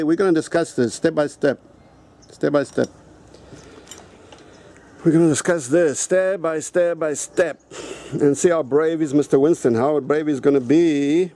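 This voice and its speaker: A man's voice: fairly high pitch, dark tone. A man with a South African accent, ranting angrily and profanely into the camera, repeating himself and confronting the person he is addressing. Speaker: video host. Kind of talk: angry rant to camera.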